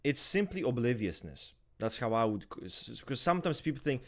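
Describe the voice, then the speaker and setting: A married man co-hosting a podcast, talking in a reflective, halting way with frequent restarts. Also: medium pitch, big pitch swings. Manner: reflective, halting, many restarts and "you know". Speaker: podcast co-host. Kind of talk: casual chat.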